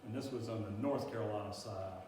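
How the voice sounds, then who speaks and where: A man's voice: on the low side, fairly quick, mellow. A man giving a casual, rambling talk about plants to a small group, with lots of fillers. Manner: rambling, filler-heavy, folksy. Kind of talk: casual presentation to a local audience. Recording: echoey room, distant mic, faint hiss.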